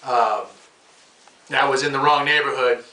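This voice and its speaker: A man's voice: mid-range voice, steady tone, a little slow, sharp tone. A male comedian host from the United States, rambling through a casual comedic monologue and calling the listener "bro". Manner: rambling, ranting, slangy with "bro". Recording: echoey room, mic at a distance.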